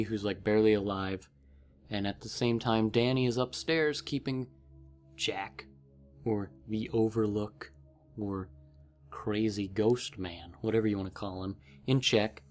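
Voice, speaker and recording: A man rambling casually through a book recap as a vlogger, with many fillers. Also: fairly low pitch.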